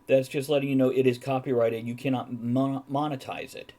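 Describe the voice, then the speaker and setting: A man with a plain, mid-range voice chats easily on a live stream. He sounds calm and reassuring as he passes along viewers' comments. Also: mid-range voice, a little fast. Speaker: co-host. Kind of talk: casual chat.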